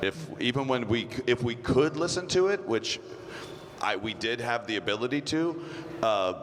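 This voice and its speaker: A man's voice: mid-range voice, lively intonation, moderate pace. A man who voices cartoon characters, joking and laughing often as he chats on a convention panel. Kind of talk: casual panel chat. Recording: echoey hall, background noise.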